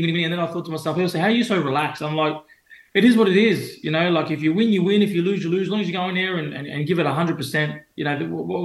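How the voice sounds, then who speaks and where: A man's voice: on the high side, a bit bright. A young Australian man, a boxer, telling stories in a loose, rambling way full of fillers and restarts. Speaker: professional boxer guest. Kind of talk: casual interview storytelling. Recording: roomy echo.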